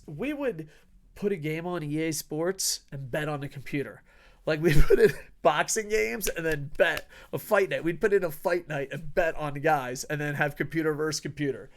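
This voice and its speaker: A man's voice: fairly high pitch, moderate pace. A young man hosting combat sports news as casual commentary, swearing a lot, ranting and often laughing. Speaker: wrestling news host. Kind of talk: casual commentary reading headlines.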